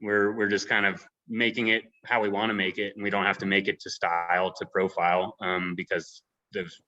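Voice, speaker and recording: A man's voice: low voice, moderate pace, highs cut off. A man on a video call, talking casually with many fillers and restarts. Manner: hesitant, filler-heavy, relaxed. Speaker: head distiller. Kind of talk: casual panel talk.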